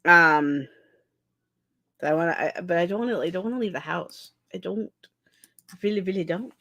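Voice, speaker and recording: A woman's voice: on the low side, moderate pace, bright, forceful tone. A young woman chatting casually on a writing livestream, reading chat aloud and often restarting her sentences. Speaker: streamer hosting a writing session.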